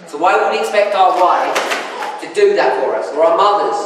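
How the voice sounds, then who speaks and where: A man preaching a sermon, telling a marriage story in an animated way and acting out the people in it. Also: high voice, a little fast. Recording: echoey hall, distant mic, faint noise.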